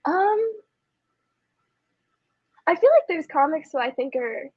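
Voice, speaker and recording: A young woman in her twenties, a comedian guest in casual interview chat, giggly and halting with many fillers. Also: high voice, lively intonation, dry recording, dull audio.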